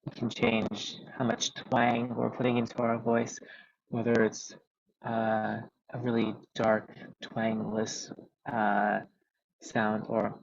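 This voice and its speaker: A man's voice: lowish voice, completely flat delivery, slow pace, gravelly, dry recording. A man, a vocal coach, explaining technique methodically over a video call with many ums. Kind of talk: webinar teaching. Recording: dull lo-fi video call audio.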